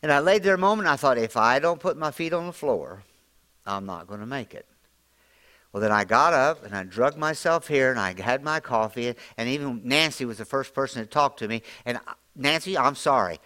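A man preaching an informal, folksy sermon, often climbing higher and louder as he drives a point home. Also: expressive, fairly quick. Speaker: pastor.

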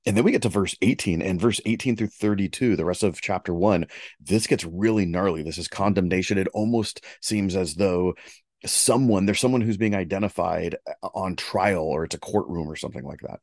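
A man with a low, deep voice leading a relaxed conversation about scripture and posing questions to his co-host. The sound is close and dry. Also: normal speed, no room sound. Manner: relaxed, asks questions and guides the discussion. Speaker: podcast co-host. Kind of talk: conversational Bible discussion.

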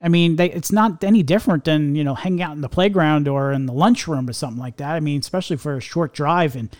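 Middle-aged man, podcast co-host, rambling rant, restarts, slightly raised pitch. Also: quick pace, a little mellow. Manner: ranting, rambling with many restarts. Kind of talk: casual podcast chat.

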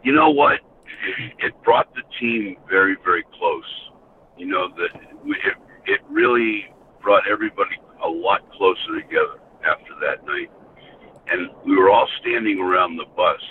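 Speaking in a deep, sing-song voice at normal speed, a former hockey enforcer from the United States, now older, rambles through casual stories on a podcast and keeps saying "you know." The phone line sounds tinny, with a faint hiss.

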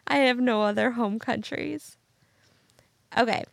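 Woman podcast cohost, kinda high and gravelly, rambly and giggly. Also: a little slow, no room sound. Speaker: podcast co-host. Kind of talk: casual chat.

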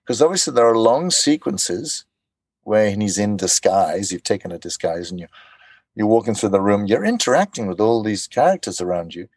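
A man with a lowish voice chats as a guest, telling stories with animation and slipping into quoted lines. The sound is dry and close, with no room behind him. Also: normal speed, no room sound. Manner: animated storyteller, acts out quotes. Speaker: voice actor guest. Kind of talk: casual interview chat.

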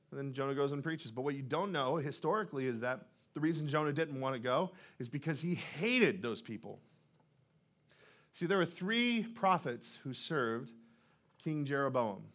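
A man's voice: mid-range voice, a bit bright. A male pastor preaching a sermon in a church, in a conversational way, often putting questions to the congregation.

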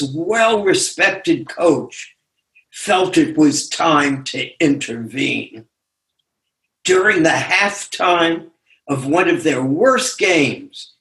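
An older man slowly reading his own essay aloud over a video call, measured and deliberate with pauses. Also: on the high side, a bit bright, roomy sound.

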